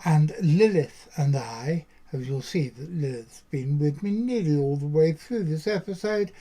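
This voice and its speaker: In a fairly high, warm voice and an unhurried manner, a male podcast host rambles through a chatty monologue to camera, dropping in frequent musing asides.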